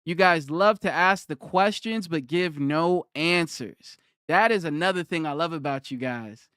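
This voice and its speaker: A man's voice: fairly high pitch, a little slow, fairly bright tone, smooth, dry recording, studio quality. A young man on a live stream who argues with his chat, repeats his challenge and reads their comments aloud.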